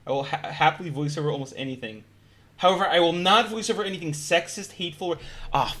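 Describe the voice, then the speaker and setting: A man's voice: a little high, quick pace, pushed and bright. A man streaming casual reaction commentary, joking and swearing often.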